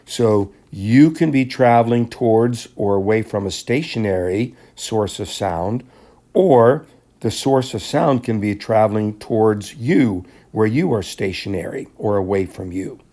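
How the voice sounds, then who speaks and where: A man with a somewhat low, warm and mellow voice delivers a classroom lecture. He explains each point step by step in a measured way, pausing now and then to clear his throat. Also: expressive. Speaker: teacher.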